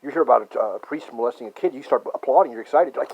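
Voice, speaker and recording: A man in a rambling, profane conspiracy rant that swings from muttering to shouting. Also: mid-range voice, racing, breathy edge. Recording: dull lo-fi recording.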